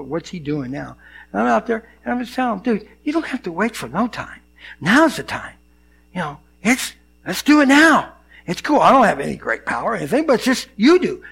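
An older man preaches from the pulpit in a church, his voice pitched high with a rough, gravelly edge. He tells stories from his own life and acts out the people in them. The manner is animated and personal. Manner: animated storyteller, acts out dialogue. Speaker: pastor. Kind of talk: sermon with personal storytelling.

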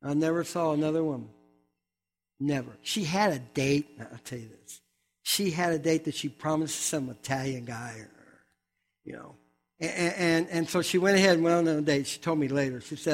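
An older man preaches, sharing a funny personal testimony through animated storytelling and quick asides. His voice is a little high.

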